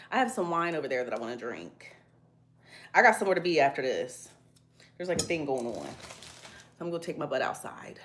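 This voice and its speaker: A young woman with chats while cooking at home, with a somewhat low voice. She tells stories in a playful, animated way and acts out the other people in them. Faint noise sits behind her. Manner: playful, animated storytelling with drawn-out quoted voices. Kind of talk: casual chatty cooking vlog.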